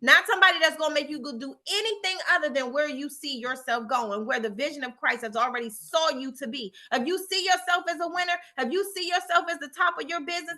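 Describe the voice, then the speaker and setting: A woman's voice: extremely high pitch, sharp tone. A middle-aged woman telling a story and giving a motivational talk, with emphatic repetition and a preachy tone. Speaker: motivational speaker.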